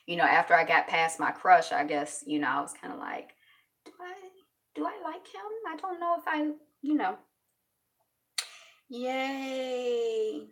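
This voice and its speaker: A woman's voice: medium pitch, bright, forceful tone, far from the mic. A woman vlogger chatting casually through news items, rambling and thinking aloud.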